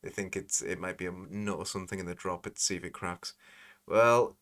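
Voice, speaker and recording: Casting: deep-voiced guy, rambling sardonic commentator. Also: steady tone, brisk, fairly bright tone. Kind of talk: casual commentary.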